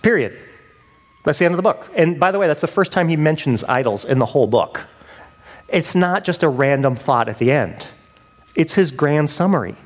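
Lively, conversational male preacher. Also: fairly high pitch, moderate pace. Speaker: pastor. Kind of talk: sermon.

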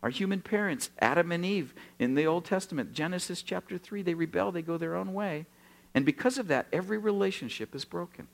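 Older guy preaching, acts out the dialogue, jokes with the crowd, kinda high voice. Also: fairly quick, creaky. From Oregon, USA. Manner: animated storytelling, acts out dialogue, jokes with the congregation. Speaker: pastor. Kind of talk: sermon.

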